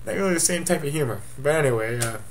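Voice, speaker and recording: A man's voice: fairly high pitch, expressive, quick pace, a little hiss or hum. A man giving a casual webcam update as commissioner of his fantasy football league, offhand and rambling with jokey asides.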